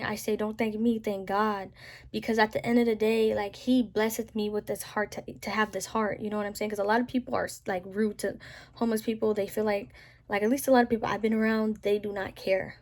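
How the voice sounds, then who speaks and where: A woman's voice: mid-range voice, level tone, moderate pace, darkish tone. A young Southern woman ranting casually to camera, rambling with lots of "like" and "you know what I'm saying.".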